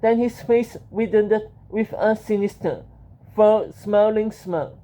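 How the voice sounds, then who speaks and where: Slow, mellow storybook narrator. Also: mid-range voice, low-quality recording.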